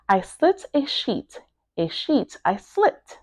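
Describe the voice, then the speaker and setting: A woman teaching English pronunciation, saying tongue twisters slowly and deliberately, word by word. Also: sits high, sing-song, a little mellow. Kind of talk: pronunciation lesson.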